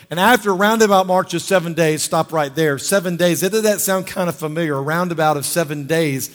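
A man preaching in a church sanctuary, charged up and exhorting his listeners. His voice sits a little high for a man, and it rings out in the long reverb of a large hall. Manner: fired-up, exhorting, calls for amens. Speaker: pastor. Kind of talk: sermon.

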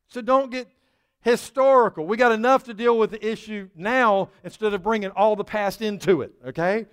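High-voiced preacher in a reverberant hall. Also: male voice, normal speed, clean tone. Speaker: pastor. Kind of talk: sermon.

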